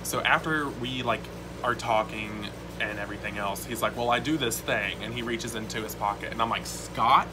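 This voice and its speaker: A man telling a story to camera in casual vlog style, excited and swearing often, with lots of "like". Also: mid-range voice, normal speed, noisy background. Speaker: vlogger.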